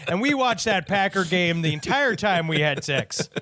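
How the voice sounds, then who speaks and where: A man's voice: sits high, expressive, normal speed, pushed and bright, no echo. A man co-hosting a podcast, cracking crude, irreverent jokes. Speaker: podcast co-host. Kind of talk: casual comedic chat.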